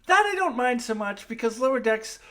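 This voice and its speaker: A woman giving a solo review of a TV episode, opinionated and emphatic, with frequent fillers and restarts as she thinks out loud. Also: on the high side, animated, brisk. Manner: opinionated, emphatic, gets loud when annoyed.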